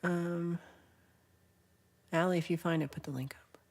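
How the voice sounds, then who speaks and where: A woman's voice: fairly low pitch, fairly even intonation, measured pace, darkish tone. A woman hosting a casual livestream, chatting, teasing and laughing as she reads viewer comments. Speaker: livestream host.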